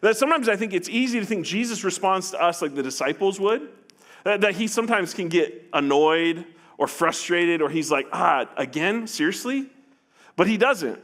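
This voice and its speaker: A man's voice: high-pitched, brisk, a bit bright. A man preaching a sermon, earnest, often restarting phrases and acting out what people say. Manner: earnest, with repeated restarts and acted-out paraphrases. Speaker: pastor.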